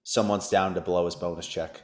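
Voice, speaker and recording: A man with a fairly low voice hosts a casual podcast. He rants and jokes crudely about the news of the day. His tone stays loose and unscripted. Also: fairly even intonation, normal speed. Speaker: podcast host.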